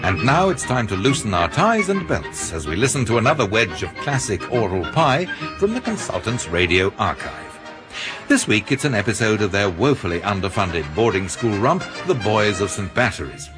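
Announcer guy, bit low voice, lively, music playing under him. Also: normal speed. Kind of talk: scripted comic announcing.

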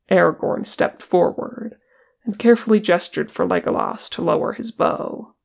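An audiobook reader narrating fan fiction in a steady, even storytelling manner. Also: medium pitch, moderate pace, vocal fry. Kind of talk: reading fan fiction aloud.

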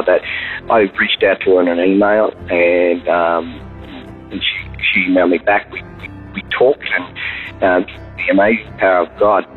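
A man calling in with an enthusiastic, halting praise report full of fillers. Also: low-pitched. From Sydney, Australia. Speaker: caller. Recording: tinny phone line, faint music.

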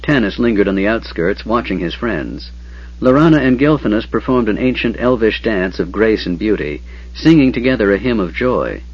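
A man reading a fantasy novel aloud in a steady, measured storytelling voice. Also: fairly low pitch, husky. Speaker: audiobook narrator. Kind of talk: scripted fantasy narration. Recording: dull lo-fi audiobook recording.

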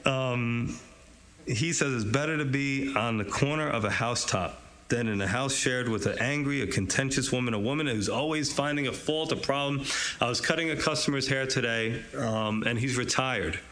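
A man's voice: medium pitch, moderate pace, fairly bright tone. Male pastor, mid-range voice, easygoing conversational sermon delivery with frequent chuckles. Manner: conversational, chuckles often, many fillers and asides. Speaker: pastor teaching a Bible study. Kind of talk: casual verse-by-verse sermon.

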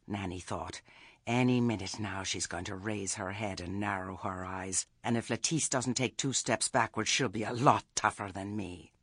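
A man narrating a comic fantasy story with a wry, expressive reading. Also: lowish voice, a little slow, husky, no room sound. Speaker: audiobook narrator.

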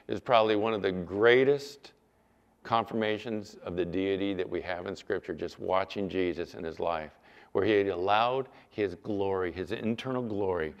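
A male pastor preaching a sermon, animated, sometimes mimicking whiny apologies in a raised voice. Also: fairly low pitch, dull audio. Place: church sanctuary. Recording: long church reverb.

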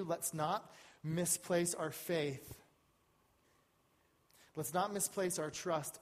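A pastor giving a sermon, preaching earnestly and building emphasis on key words. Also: male voice, a little high.

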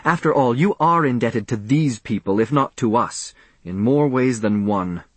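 A man's voice: mid-range voice, lively intonation, normal speed, a bit bright, dry recording. A man reading an audiobook, voicing an indignant, pompous older professor who scolds and blusters. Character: pompous irate male professor.

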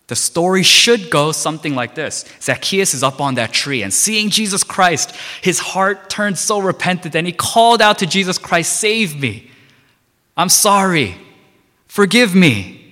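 A man's voice: fairly high pitch, sharp tone. A man preaching a sermon as a pastor, emphatic and repetitive, with many rhetorical questions. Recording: long reverb of a large hall.

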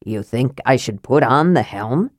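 Lady putting on a grumbly old dwarf guy, deep and stubborn, dry close sound. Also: animated, unhurried, no room sound, exaggerated voice. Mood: testy. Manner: gruff, grumbling. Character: gruff old male dwarf, stubborn and testy.

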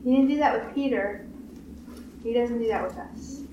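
A woman pastor delivers a sermon with emphatic repetition, slipping into quoted voices. Her voice sits somewhat high and is picked up from a distance in a reverberant room with a faint hiss. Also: normal speed, dull audio. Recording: roomy echo, distant mic, faint hiss.

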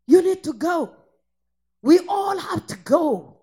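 A woman from northern Nigeria, preaching a fervent sermon that swings between shouted praise and low, intense rebuke. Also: very animated, slow pace.

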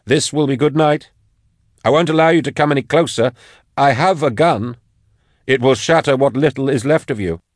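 Male narrator reading an awkward, rattled scholar; halting, hushed, trying to stay calm. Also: medium pitch, no room sound, studio quality, voice pushed up, lightly acted. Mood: warning. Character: nervous bookish man, awkward and rattled. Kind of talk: audiobook character voice.

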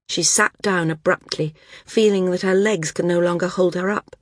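A woman narrating an audiobook in a measured storytelling manner. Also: on the low side, fairly even intonation, dry recording, clean studio sound. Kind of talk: scripted narration.

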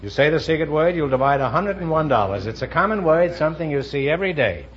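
A man hosting a quiz show, teasing contestants with quick mock-serious one-liners. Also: a little high, lively intonation. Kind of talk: wisecracking quiz show banter. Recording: dull lo-fi archival broadcast with hiss.

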